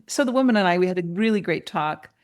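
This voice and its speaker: Animated woman telling a personal story. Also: fast. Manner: animated storyteller, pitch jumps up when excited, laughs as she talks. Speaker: guest, mentor and coach. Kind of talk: personal storytelling in a podcast interview.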